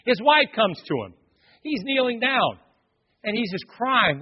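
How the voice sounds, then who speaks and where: A pastor with a very high, breathy voice preaches emphatically at a measured pace, his pitch swinging widely as he tells stories and addresses the congregation directly. The lo-fi recording sounds dull and echoes through a hall.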